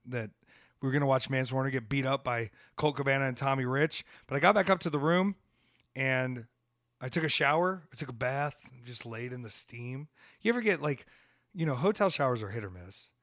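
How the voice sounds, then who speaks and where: A man from the American South tells a rambling story on his podcast, animated and unfiltered, with a swear here and there. His voice sits in an ordinary middle pitch. The sound is close and dry, with no room around it. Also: no room sound. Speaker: podcast host. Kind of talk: casual storytelling.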